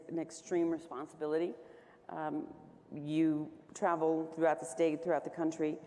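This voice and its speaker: Woman governor, lowish voice, chatty anecdotes, reverberant hall. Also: a little mellow. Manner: chatty, storytelling with frequent fillers. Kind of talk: panel discussion. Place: conference stage.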